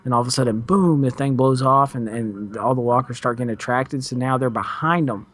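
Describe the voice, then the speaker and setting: A man's voice: mid-range voice, fairly quick, fairly bright tone. Laid-back rambling man recapping a show. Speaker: podcast co-host. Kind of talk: casual recap chat.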